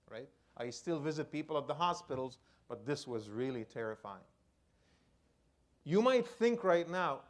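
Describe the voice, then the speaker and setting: A male imam delivers a sermon and shares a personal story, shifting between loud outbursts and quiet, low-voiced lines.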